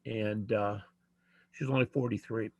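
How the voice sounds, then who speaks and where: An older man answering audience questions, telling a personal story in a reflective, halting way with many pauses. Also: lowish voice, fairly even intonation, a little mellow, dry recording, dull audio. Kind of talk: personal testimony in a Q&A.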